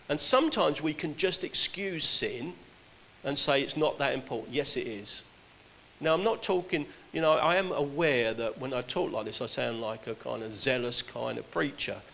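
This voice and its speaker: A man's voice: medium pitch, sharp tone, low-quality recording. Earnest man preaching a sermon. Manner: earnest, exhorting, with emphatic swings in volume.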